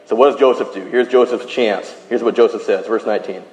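A man preaching a sermon, retelling a scripture story in animated style and dropping to a hushed voice for quoted lines. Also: fairly low pitch, fairly quick. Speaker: pastor. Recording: echoey hall.

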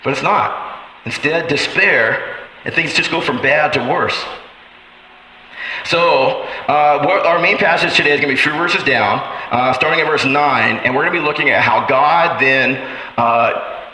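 A man's voice: measured pace, bright, forceful tone. A man preaching a sermon, speaking with passion and voicing God's questions to his listeners. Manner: impassioned, voicing God's questions with rising pitch. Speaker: pastor. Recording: echoey hall with faint ambience.

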